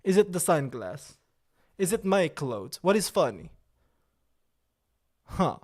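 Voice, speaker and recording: A man hosting a livestream, chatting with viewers in a playful, vain, mock-serious way. His phrasing is halting and broken, and he drops in occasional French words. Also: fairly high pitch, very animated, darkish tone. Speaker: livestream host. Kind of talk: casual livestream chat with viewers.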